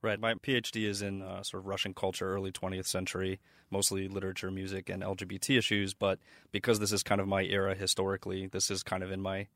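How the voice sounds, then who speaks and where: Quick-talking low-voiced man, professor guest. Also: monotone, fairly bright tone, no room sound. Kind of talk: conversational interview.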